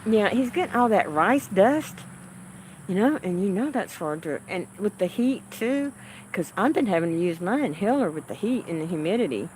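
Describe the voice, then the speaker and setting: Animated and mid-range, this woman's voice carries a little hiss or hum as she hosts a livestream. She converses casually with her viewers, taking her time to answer chat comments warmly, with frequent soft laughs.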